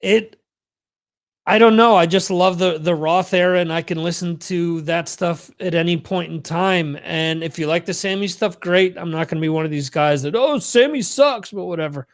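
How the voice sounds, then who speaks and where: A man's voice: on the high side, steady tone, moderate pace. A man hosting a livestream, talking in a chatty, rambling, profane way. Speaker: livestream host. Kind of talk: casual livestream monologue.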